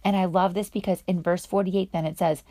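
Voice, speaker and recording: A woman leads a casual devotional for other women, enthusiastic and full of chatty fillers. Her voice is mellow and a little low. The sound is dry and close. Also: steady tone, fairly quick, no echo. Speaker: women's Bible teacher.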